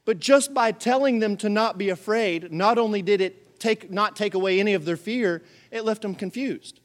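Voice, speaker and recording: A pastor in the pulpit, a man with a notably high-pitched voice who preaches with animated swings between loud, punchy lines and quiet asides. He slips into little voices for the people in his stories and keeps a joking, conversational tone. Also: normal speed. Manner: animated, acts out voices and jokes. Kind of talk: sermon.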